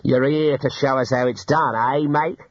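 A man reading aloud, voicing a blunt, gruff Australian sheep shearer who talks in a laconic, matter-of-fact way. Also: mid-range voice, fairly even intonation, moderate pace, highs cut off, close to an everyday voice.

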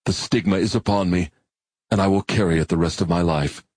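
A man's voice: low voice, fairly quick, a little mellow. A man doing a somber, grim man. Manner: somber and grave.

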